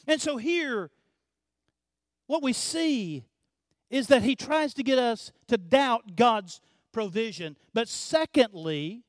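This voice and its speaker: A man preaching a sermon earnestly, repeating his phrases, asking rhetorical questions and dropping to a hush at the ends of lines. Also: extremely high pitch, lively intonation, slow pace, no room sound, clean studio sound. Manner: drops to a hush at the end of phrases. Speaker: pastor.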